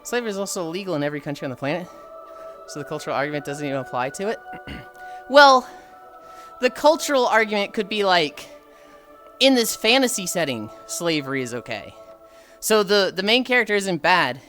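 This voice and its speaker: A woman's voice: fairly low pitch, lively intonation, brisk, fairly bright tone. A woman streamer chatting casually, thinking aloud with frequent sighs and reading chat aloud. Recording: faint music behind.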